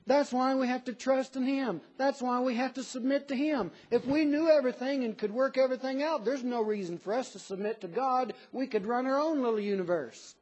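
Emphatic high-voiced male preacher. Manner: earnest, emphatic, reads a poem in a softer lower voice. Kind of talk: sermon.

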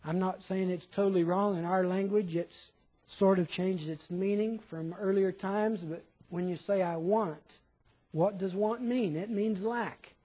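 A preacher delivering a sermon, firing questions at the congregation and quoting imagined listeners in other voices. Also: male voice, high voice, steady tone, a little slow, mellow, breathy edge, low-quality recording.

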